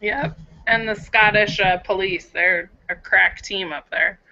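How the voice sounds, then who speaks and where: A woman's voice: mid-range voice, steady tone, unhurried, sharp tone, dull audio. A woman co-hosting a casual fan chat over a video call, making dry jokes. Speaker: podcast co-host.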